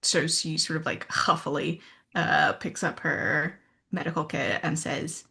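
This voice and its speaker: A woman playing in a tabletop role-playing game, describing her character's actions in a halting way with many fillers. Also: sits low, steady tone, vocal fry, husky. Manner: halting, full of fillers, jumps between narration and bright in-character lines. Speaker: player voicing her character.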